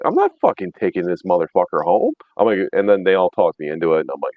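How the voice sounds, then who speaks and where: A man's voice: sits low, big pitch swings, fast talker, few pauses, no room sound, narrow, tinny audio. A man in his thirties telling rambling, profane stories in casual chat, laughing often. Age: 30s. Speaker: podcast host.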